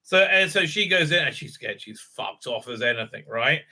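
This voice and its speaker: A man's voice: mid-range voice, expressive, moderate pace, pushed and bright, breathy edge. A middle-aged man, casually recapping a TV episode in a rambling, profane way and often tagging on "right?". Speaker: TV show reviewer.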